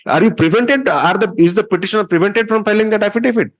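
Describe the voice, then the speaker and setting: A man's voice: high-pitched, quick pace. A man with an Indian English accent, presiding as a judge at a court hearing, sternly lecturing and rebuking counsel.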